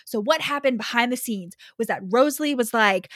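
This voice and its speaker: A woman's voice: fairly high pitch, no room sound. A young woman co-hosting a casual book-discussion podcast, talking animatedly, swearing and acting out characters. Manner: animated, swears, acts out characters in quick voices. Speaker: podcast co-host.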